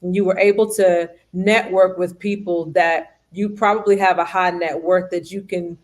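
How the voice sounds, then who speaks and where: A woman's voice: fairly low pitch, steady tone, moderate pace, a little mellow. Earnest woman giving travel advice. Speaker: co-host of a travel show. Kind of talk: casual conversation.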